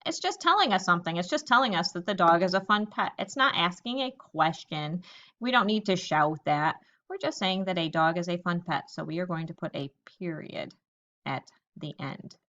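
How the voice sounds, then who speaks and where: A woman teacher giving a recorded lesson to young children, reading example sentences slowly and thinking aloud about each one. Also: on the low side, lively intonation, pushed and bright, dull audio.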